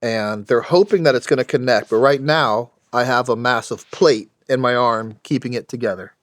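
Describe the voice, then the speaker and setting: With a mid-range voice captured cleanly in a podcast studio free of room sound, a middle-aged former U.S. soldier candidly relates his story as a guest, his speech halting and full of restarts and fillers.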